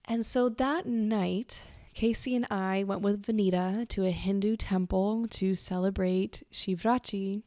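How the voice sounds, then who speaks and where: A woman's voice: medium pitch, fairly even intonation, a little slow, hardly any pauses, dark tone, no room sound, clean studio sound. A woman hosting a podcast, telling a personal story in a candid, confessional way, swearing casually and wandering off on side tangents. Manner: rambling with side tangents and restarts. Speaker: podcast host.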